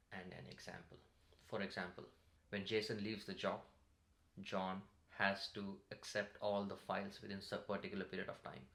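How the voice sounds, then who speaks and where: A man coaching English speaking skills in a calm, measured tutorial to camera. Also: lowish voice. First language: Marathi. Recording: roomy echo.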